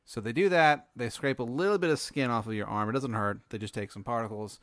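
Deadpan man spinning an absurd tale. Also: mid-range voice, fast, few pauses, no echo, studio quality. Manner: rambling, deadpan, many fillers and restarts. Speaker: podcast host. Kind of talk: improvised comedic storytelling.

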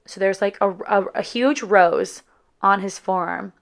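Young woman, chatty vlogger, dramatic storytelling, mid-pitched, casual. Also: a little slow, vocal fry.

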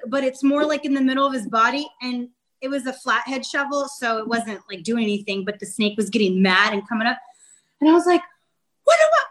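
A woman telling a story in casual chat, animated, acting out her own shouts. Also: sits high. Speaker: guest author.

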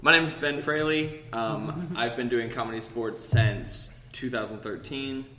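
A man's voice: medium pitch, measured pace, sharp tone, echoey room, slight background noise. A man chatting in a group, playful and self-mocking as he introduces himself. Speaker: improv comedian and teacher. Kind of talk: casual group chat.

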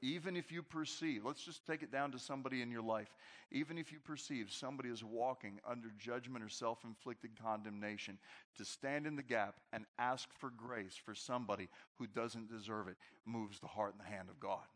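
A pastor preaching a conversational, animated sermon to his congregation in a large church. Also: medium pitch, brisk. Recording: long hall reverb.

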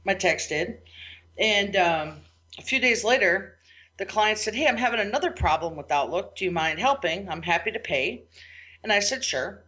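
A woman tells a work story in a casual, lively monologue, jumping way up in pitch when she acts out her own reactions. Her voice is bright and forceful. The recording is dull and lo-fi. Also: moderate pace. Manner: animated, quotes herself and clients with big pitch jumps. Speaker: IT business owner and podcast host.

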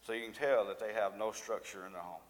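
A man's voice: on the low side, steady tone, fast talker. Man preaching in a reverberant hall. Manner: conversational, asks the audience questions and repeats himself. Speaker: lay preacher and school teacher. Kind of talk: live sermon to a congregation. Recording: long reverb of a large hall.

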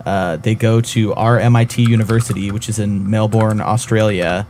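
A man's voice: on the low side, fairly even intonation, moderate pace, darkish tone, a little hiss or hum. A man co-hosting a casual podcast about games, talking in a rambling, hesitant way with lots of fillers. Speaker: podcast co-host.

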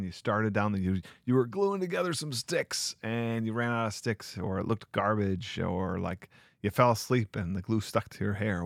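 Teacher guy rambling earnestly on his podcast, kinda low voice, dead dry close mic. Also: no echo. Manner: earnest, rambling with restarts and asides. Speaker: sixth grade teacher. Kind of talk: reflective solo podcast talk.

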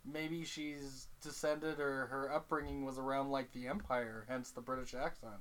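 A man's voice: mid-range voice, level tone, normal speed, a bit bright. A young man in casual chat about films, playfully quizzing and teasing his co-host.

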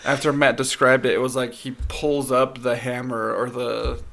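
A man's voice: medium pitch, flat delivery, normal speed, gravelly, a bit bright. A man co-hosting a podcast, explaining things in a chatty way with lots of fillers. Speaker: podcast co-host. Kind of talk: casual chat.

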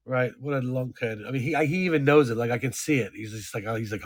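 Middle-aged man telling animated stories. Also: mid-range voice, quick pace. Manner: animated anecdote teller, acts out quotes. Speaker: podcast co-host. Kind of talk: casual comedic chat.

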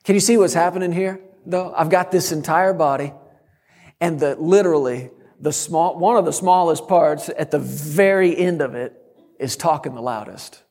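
A middle-aged man preaching a sermon, telling a story and breaking into sudden loud shouts. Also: on the high side, moderate pace, long reverb tail. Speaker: guest preacher.

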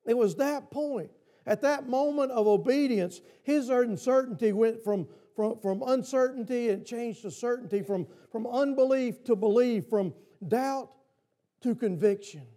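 A man's voice: very high-pitched, measured pace, mellow. A man preaching a sermon to his congregation, who keeps asking them questions. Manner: asks the congregation repeated questions. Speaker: pastor. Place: church.

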